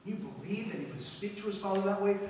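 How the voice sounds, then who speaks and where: A man's voice: sits high, expressive, fast talker, darkish tone, slight background noise. A man preaching a sermon as a guest speaker, reading scripture aloud with dramatic commentary between the verses. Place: church sanctuary. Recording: echoey church hall from far off.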